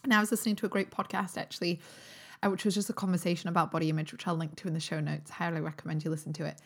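A British woman, a holistic nutritionist, hosting her own podcast in a chatty, upbeat way, her voice still a little croaky from a recent cold. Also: on the low side, level tone, racing. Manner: chatty and upbeat, with frequent fillers and restarts. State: slightly croaky voice recovering from a cold. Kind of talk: casual solo podcast talk.

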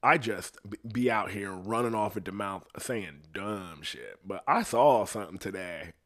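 A man's voice: on the low side, lively intonation, measured pace, fairly bright tone. A man hosting his own podcast, talking casually in a rambling, profane way and laughing at his own jokes. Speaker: podcast host. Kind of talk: casual solo podcast rant.

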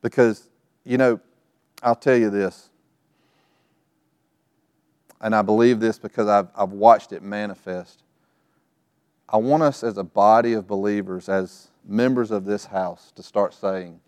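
A man's voice: fairly low pitch, steady tone, measured pace, a little mellow, no room sound, clean studio sound. A middle-aged man preaching a sermon to his church, telling family stories and acting out the voices in them. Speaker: pastor. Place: church sanctuary.

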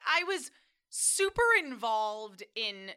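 A woman co-hosting a podcast, chatting casually about an anime, excitable and laughing often. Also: fairly high pitch, clear, resonant tone. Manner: excitable, laughs often, quick back-and-forth. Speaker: podcast co-host.

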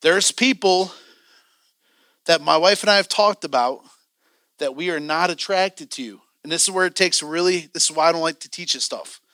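A man's voice: on the high side, moderate pace, bright, forceful tone, no room sound, clean studio sound. A man teaching a church training class, candid and joking, acting out the voices he quotes.

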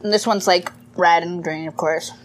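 A woman's voice: on the low side, normal speed, a little hiss or hum. A woman co-hosting a podcast, chatting casually and laughing through a food tasting with a studio mic. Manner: animated, laughing, swearing casually. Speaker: podcast co-host.

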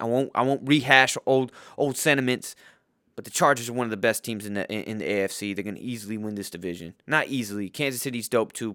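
A man's voice: mid-range voice, sharp tone, no echo, studio quality. Profane rambling man ranting picks. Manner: profane, rambling, with many fillers and restarts. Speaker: host making football picks. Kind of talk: casual profane rant.

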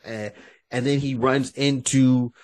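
A man co-hosting a podcast, telling stories in an animated, joking way with frequent restarts. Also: medium pitch, takes it slowly. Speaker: podcast co-host. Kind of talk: casual podcast chat.

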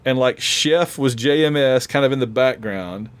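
A man's voice: mid-range voice, moderate pace, clear, resonant tone. Chatty man losing his voice. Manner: chatty fan, laughs often, restarts sentences. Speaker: podcast co-host. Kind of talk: casual chat.

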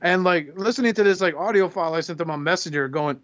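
A man's voice: high-pitched, quick pace, a bit bright, dull audio. A man co-hosting a podcast in casual chat, telling rambling profane stories and acting out quotes. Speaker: podcast co-host.

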